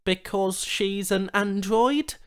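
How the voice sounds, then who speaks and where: A man's voice: high-pitched, slow, clear, resonant tone, voice pushed up. A man voicing a confused, irritable human trader who questions everything in agitation.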